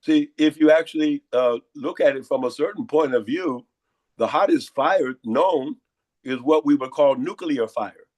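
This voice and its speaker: A hoarse, congested man giving lecturing interview answers and firing off repeated rhetorical questions. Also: a little high, measured pace, a little mellow. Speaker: guest.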